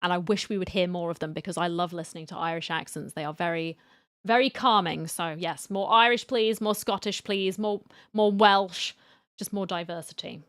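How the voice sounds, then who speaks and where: A woman's voice: on the low side, a little fast, dry recording. A woman chatting casually on a live stream while playing, answering her chat in a playful, slightly dramatic way.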